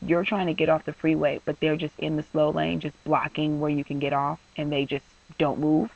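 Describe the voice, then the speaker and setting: A man's voice: a little high, monotone, moderate pace, vocal fry, recorded from a distance, lo-fi sound. A young man venting in a vlog, rambling and exasperated with lots of fillers. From San Francisco Bay Area. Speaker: vlogger.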